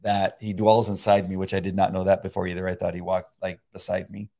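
A middle-aged man chatting casually about faith, rambling with many halting restarts and frequent laughs. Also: low-pitched, level tone, warm tone. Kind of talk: casual conversation.

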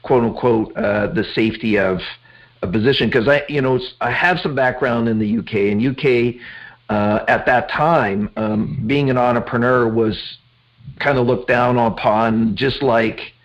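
A man's voice: medium pitch, steady tone, a little slow. A man hosting an interview, asking conversational, probing questions. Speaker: host. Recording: dull lo-fi audio.

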